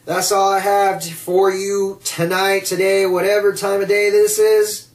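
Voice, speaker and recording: Guy ranting sarcastic about wrestling, high voice, off mic. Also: little pitch movement, unhurried, far from the mic. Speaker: wrestling vlogger. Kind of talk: casual rant. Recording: echoey room, off mic.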